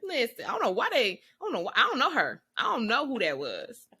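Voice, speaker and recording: A woman's voice: a little high, quick pace, breathy edge. A woman co-hosting a faith podcast, chatting casually and laughing often. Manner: lively, laughing, Southern US slang. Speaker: podcast co-host. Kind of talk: casual chat.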